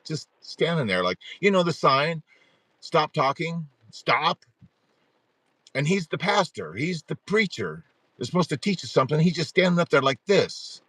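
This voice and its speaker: Hosting a support group livestream, a middle-aged man rambles animatedly through a story, frequently starting his sentences over. He speaks with a higher voice, and there's no echo.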